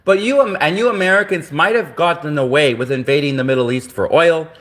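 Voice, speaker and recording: A man's voice: fairly high pitch, fairly quick, a bit bright. A man from Canada ranting indignantly on a livestream, repeating himself over and over.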